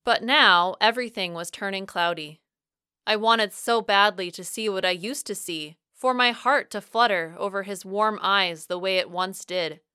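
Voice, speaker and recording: A young adult woman reading a first-person audiobook, expressive, with lively shifts in pitch and loudness. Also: normal speed, clean tone, no echo, studio quality. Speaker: audiobook narrator.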